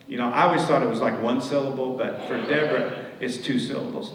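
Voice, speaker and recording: A man's voice: medium pitch, fairly even intonation, fairly quick, slight background noise. An older man giving a folksy storytelling talk as a guest speaker, acting out the dialogue in his anecdotes. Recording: echoey hall from far off.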